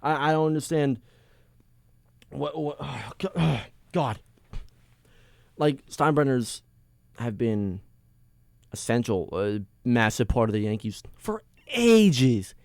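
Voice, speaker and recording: A man's voice: mid-range voice, expressive, takes it slowly, vocal fry, long pauses, no room sound. Young male sports podcast host, fired-up fan venting, dry close-miked sound. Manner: heated, exasperated, swings between loud complaints and mumbling asides. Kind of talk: casual sports rant. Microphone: headphones on, close mic.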